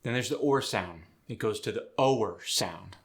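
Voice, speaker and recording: A man hosting an accent tutorial as a dialect coach, explaining sounds in a brisk, instructive way. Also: lowish voice, lively intonation.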